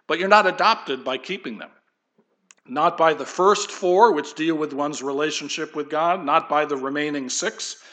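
A pastor preaching a sermon in an easygoing, conversational way, wandering into folksy asides. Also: male voice, a little high, a bit bright.

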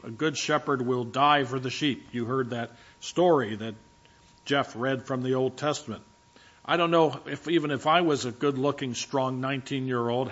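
A man's voice: medium pitch, a bit bright. Male pastor, chatty sermon delivery, self-deprecating humor, stumbles and restarts; muffled lo-fi recording. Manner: frequent restarts and filler words. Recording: dull lo-fi recording.

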